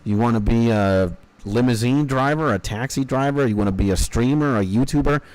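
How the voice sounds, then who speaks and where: A man's voice: mid-range voice, fairly quick, darkish tone, dry recording. A man in his thirties chatting casually while streaming a game. He rambles, swears freely and drifts into half-joking life philosophy. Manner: rambling, profane, mock-philosophical. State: hungry after an early start. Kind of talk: casual chat while gaming.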